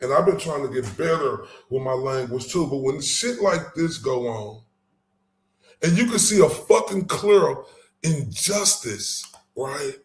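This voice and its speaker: A man's voice: mid-range voice, animated, unhurried, reverberant. A man hosting his own channel, giving heated, profane commentary with angry emphasis and frequent stumbling restarts.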